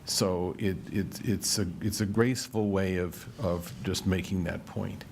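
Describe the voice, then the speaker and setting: A man at a committee meeting speaks in a very low, deep voice. He explains draft wording in halting, stammering phrases over a faint rumble. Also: steady tone, creaky, darkish tone. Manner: halting, reads wording slowly. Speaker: committee member. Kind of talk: formal meeting discussion.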